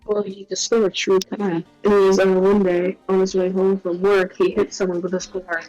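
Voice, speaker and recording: A woman doing a bumbling, good-natured male detective in a game fan dub, in a goofy put-on voice at a middling pitch. His lines carry a jokey, chatty manner, with faint music underneath. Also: level tone, normal speed, mellow, no echo, lo-fi sound, lightly acted. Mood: explaining. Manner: funny put-on voice.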